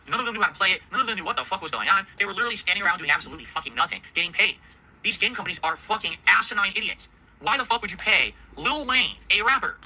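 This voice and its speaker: A man's voice: high-pitched, bright, forceful tone, slight background noise, rough recording. A man streaming from his home setup, ranting angrily, swearing heavily and sounding exasperated. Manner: heavily profane, exasperated, rants. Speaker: video game streamer. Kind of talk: angry ranting commentary.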